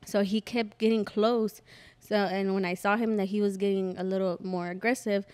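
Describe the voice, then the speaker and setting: Young woman podcast host, casual, animated storyteller with salty language. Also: medium pitch, normal speed, smooth. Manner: animated storyteller who acts out quotes and swears freely. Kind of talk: casual chat.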